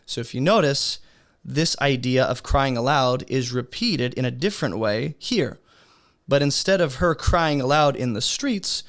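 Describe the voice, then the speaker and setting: A man with a mid-range voice teaches a beginner's Bible study lesson. He keeps it relaxed and conversational, posing rhetorical questions to his listeners.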